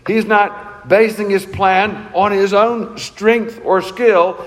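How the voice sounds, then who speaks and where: A man with a high-pitched voice delivers a sermon, earnest and emphatic, asking rhetorical questions. His voice rings with a long reverb, as in a large church hall. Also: steady tone, slow. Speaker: pastor.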